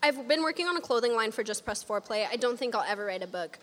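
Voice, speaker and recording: A woman's voice: on the high side, lively intonation, fast talker, fairly bright tone, in a large hall. A woman guest in a casual chat, talking in an assertive, opinionated, upbeat way.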